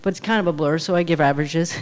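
Nervous, hesitant woman speaking low. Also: fast talker. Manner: nervous, hesitant, many ums and uhs. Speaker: meeting speaker. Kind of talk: personal recovery share.

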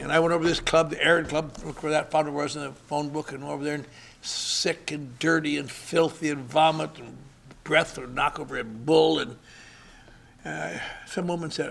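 A man's voice: fairly high pitch, steady tone, moderate pace, creaky, fairly bright tone, slight background noise. An older man sharing his recovery story with dry, wry humor at a convention. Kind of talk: recovery meeting talk. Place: convention hall.

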